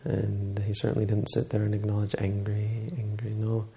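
A man retells a Buddhist story in a dharma talk, halting often and correcting himself. His voice is low and gravelly. It is dark in tone and stays flat. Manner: halting, many restarts and self-corrections.

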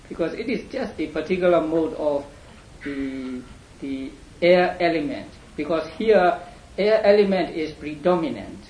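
A man teaching a class in a lecture, speaking haltingly with many fillers and repeated words. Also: a little high, darkish tone. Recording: echoey room, faint hum.

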